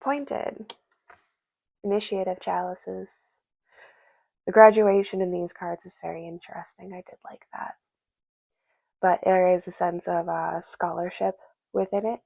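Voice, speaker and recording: A woman's voice: lowish voice, little pitch movement, measured pace, vocal fry, long pauses, a little mellow, no echo. A woman giving a casual spoken tarot reading, musing aloud and speaking directly to the spirits and to her viewers. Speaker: tarot reader.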